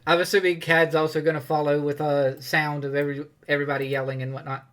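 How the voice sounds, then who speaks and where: A man's voice: a little high, little pitch movement, quick pace, fairly bright tone. A man narrating as game master of a tabletop game, rambling with many fillers and laughs.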